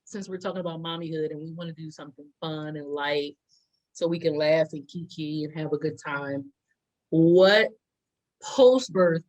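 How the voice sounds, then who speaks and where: Animated woman laughing through a mukbang chat. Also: deep voice, moderate pace, rough recording. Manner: animated, laughs often, eating while talking. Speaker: podcast co-host. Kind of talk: casual chat over a meal.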